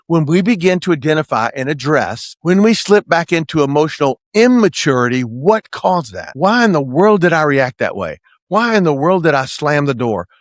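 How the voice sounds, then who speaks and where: A man's voice: a little high, no echo, studio quality. A man hosting a podcast, giving an earnest motivational coaching talk and often checking in with "right?". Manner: earnest, preacher-like, keeps asking "right?". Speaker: podcast host and management consultant.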